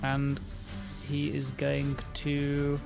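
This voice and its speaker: A man's voice: medium pitch, completely flat delivery, extremely slow, vocal fry, over music. A man playing a tabletop game, talking hesitantly and hedging his moves. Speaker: player. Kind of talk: casual tabletop game play.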